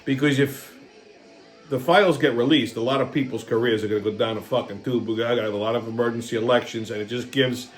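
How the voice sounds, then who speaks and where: A man's voice: medium pitch, steady tone, a little fast, faint music behind. A man hosting a casual political commentary show, ranting with heavy profanity and frequent restarts. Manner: profane, ranting, repeats himself. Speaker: host.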